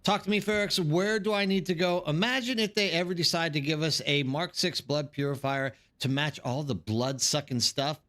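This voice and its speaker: A man's voice: on the high side, normal speed, hardly any pauses, fairly bright tone. A man streaming a game live, chatting casually and rambling to his viewers, calling them by name.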